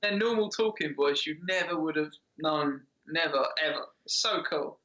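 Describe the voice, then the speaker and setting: A man, a band member chatting casually and telling a story quickly. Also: a little high, pushed and bright, dull audio. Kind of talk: casual chat.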